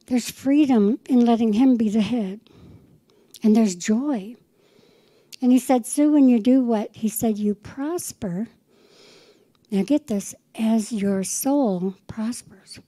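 A woman's voice: on the high side, takes it slowly, pauses often, warm tone, no echo, low-quality recording. A middle-aged woman pastor preaching a fervent sermon, acting out conversations with the Lord. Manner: fervent, quotes the Lord in dialogue.

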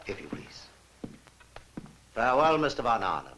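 A stern old professor. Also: male voice, medium pitch, very animated, normal speed, bright, forceful tone, a little hiss or hum, low-quality recording. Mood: cold. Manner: formal, clipped and dismissive. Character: stern older male professor, cold and commanding. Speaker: professor and father. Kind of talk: dubbed film acting.

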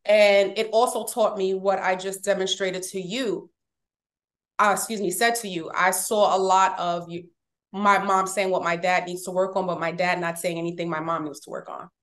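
A woman's voice: fairly low pitch, flat delivery, normal speed, a bit bright. A woman guest speaking candidly and emphatically about family and marriage, at times emotional. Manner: heartfelt, emphatic, gets emotional. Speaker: podcast guest. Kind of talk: candid personal storytelling.

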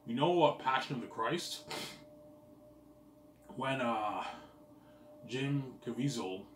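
A man's voice: mid-range voice, takes it slowly, roomy sound, recorded from a distance, slight background noise. A man talking casually to his viewers in a rambling, boastful, profane monologue. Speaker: vlogger.

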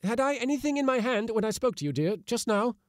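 A man voicing an excitable Victorian bacteriologist who rushes his words in agitation. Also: medium pitch, no room sound, studio quality, pitched above the performer's own voice, lightly acted. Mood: panicked. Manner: excitable, breathless.

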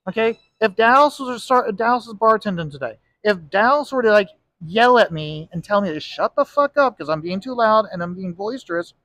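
A man talks in a loose, ranting monologue and keeps coming back to "okay?" to drive his points home. His voice sits fairly high for a man. The sound is dry, with little room around it. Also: animated, brisk, few pauses, pushed and bright, no echo. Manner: ranting, emphatic, repeats "okay?". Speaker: comic book inker and video host. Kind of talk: casual monologue vlog. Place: bar.

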